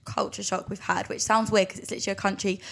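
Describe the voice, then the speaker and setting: A woman in her twenties co-hosting a podcast in casual chat, hoarse and croaky, talking in a dramatic, chatty way and laughing easily. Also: mid-range voice, flat delivery, fast talker, fairly bright tone. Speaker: podcast co-host.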